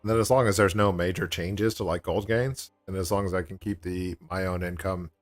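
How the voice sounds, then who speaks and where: A man's voice: deep voice, fairly even intonation, a little fast. A man hosting a casual game livestream, chatting in a laid-back way and laughing often. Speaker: streamer.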